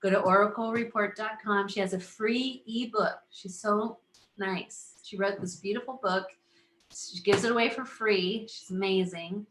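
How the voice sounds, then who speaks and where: A woman's voice: medium pitch, steady tone, moderate pace, a bit bright, slight background noise. A woman astrologer hosting a casual live stream, bubbly, laughing often and acting out little inner voices as she talks to viewers. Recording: roomy echo.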